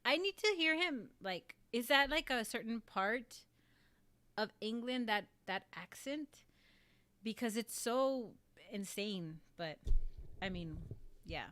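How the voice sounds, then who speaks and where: A woman's voice: on the high side, lively intonation, slow, sharp tone. A woman hosting a casual livestream, gushing about favorite voice actors in a rambling way, with lots of "like". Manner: gushing and rambling, heavy use of "like". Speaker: livestream host.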